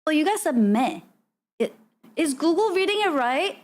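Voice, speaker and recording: A woman's voice: high voice, sing-song, moderate pace. A woman streamer chatting casually with her audience in a playful, giggly way and trying out words aloud. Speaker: streamer host. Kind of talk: casual live-stream chat.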